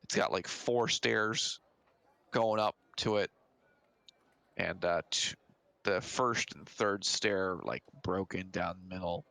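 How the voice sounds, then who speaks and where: A man narrating a tabletop game as game master, halting and hesitant, with many fillers. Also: sits low, creaky, bright, forceful tone, no echo.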